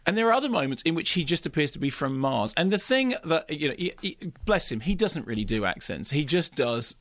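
A man co-hosting a radio show in a studio, talking about films in an animated, ranting way and slipping into mimicry. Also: a little high, fast talker, no room sound. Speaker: film critic co-host. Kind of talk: radio chat. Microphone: studio microphone.

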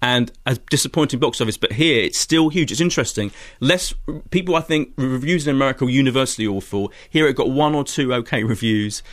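A man reviewing films on a radio show, giving quick, animated opinions with frequent restarts. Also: medium pitch. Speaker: film critic. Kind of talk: radio chart review chat.

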